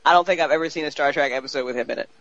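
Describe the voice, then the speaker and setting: A woman's voice: sits low, racing, a bit bright, no echo, muffled recording. A woman co-hosting a casual podcast, laughing and self-deprecating. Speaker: co-host.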